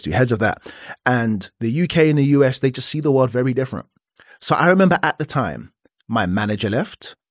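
A man's voice: fairly low pitch, no echo, studio quality. A man in his thirties hosting a personal podcast, talking candidly and acting out the conversations he recounts. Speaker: podcast host.

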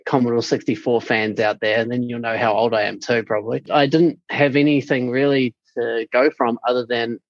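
A man with a New Zealand accent, a tech founder chatting casually as a podcast guest, relaxed and hesitant. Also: medium pitch, fairly quick, few pauses, no room sound, dull audio. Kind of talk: casual interview chat.

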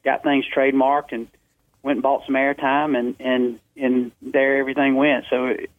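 A man calls in to a radio show and tells his story with lots of quick restarts. The sound is thin and boxy like a phone line, and completely dry. His voice sits at a middle pitch. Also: dry recording. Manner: lively, many quick restarts. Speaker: guest on the phone. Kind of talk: animated storytelling. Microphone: telephone.

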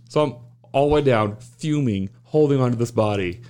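A man casually telling an animated, profane story about his old job, acting out other people's lines as he goes. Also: mid-range voice, fairly quick, smooth. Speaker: guest recounting work stories.

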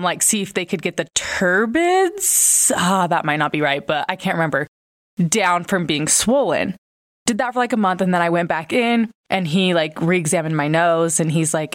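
A woman of twenty-five hosts a casual podcast in a congested, nasal voice from a broken nose. She sits a touch lower in pitch than most women. Her talk is candid and chatty, full of fillers and swearing. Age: 20s. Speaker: podcast host. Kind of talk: casual chat.

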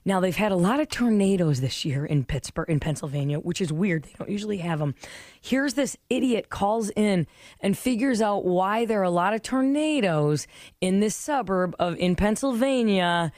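A woman from Philadelphia, co-hosting a casual talk show, animated and exasperated. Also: moderate pace, dry recording, clean studio sound. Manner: animated, exasperated, jumps between pitches. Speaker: radio co-host.

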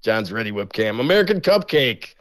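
A man's voice: lowish voice, very animated, brisk, fairly bright tone. Laid-back man reading out donations. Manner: reads names and donations in a plain, laid-back way, laughs often. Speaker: co-host reading viewer gifts. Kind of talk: casual live-stream banter.

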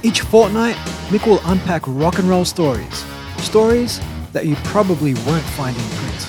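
An announcer reads a scripted intro in an upbeat promo style. The voice sits at a middle pitch. Guitar music plays clearly underneath. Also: animated, normal speed. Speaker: show announcer.

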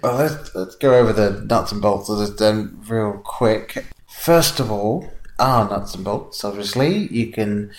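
A man co-hosting a film review podcast in casual chat, relaxed and chuckling as he runs through the show details. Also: lowish voice, unhurried, reverberant. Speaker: podcast co-host.

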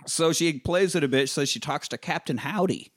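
A man's voice: a little high, moderate pace. Crude, joking young man. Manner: crude, joking, swears a lot. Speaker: podcast co-host. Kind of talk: casual comedic chat.

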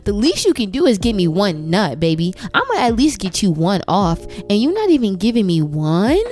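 Sassy young woman with lively pitch. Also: moderate pace, soft background music. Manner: sassy, emphatic, repeats "baby" and "like". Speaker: podcast host. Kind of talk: candid solo podcast talk.

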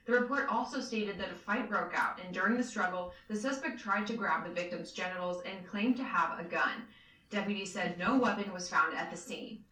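A woman's voice: medium pitch, fairly quick, pushed and bright. Woman reading news in a roomy, distant playback. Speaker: news reporter. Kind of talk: broadcast news read. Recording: news clip played through a speaker, roomy, distant.

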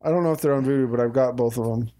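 A man in casual conversation with friends about action films, enthusiastic and quick to add details. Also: mid-range voice, mellow. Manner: enthusiastic, jumps in to correct details. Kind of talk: casual movie chat.

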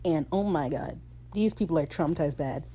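A woman hosting a casual recap, excitable and gushing, swearing freely and switching into quick quoted voices. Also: low-pitched, a little hiss or hum, rough recording. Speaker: podcast host recapping a TV episode.

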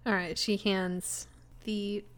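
A woman's voice: medium pitch, little pitch movement, takes it slowly. A woman playing a tabletop game, chatting casually and laughing easily. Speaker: player.

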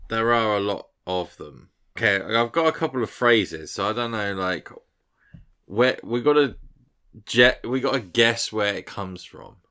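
A man's voice: fairly low pitch, measured pace, bright, forceful tone, smooth. A man hosting a casual podcast, playful and steering the conversation. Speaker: podcast host. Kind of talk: casual chat.

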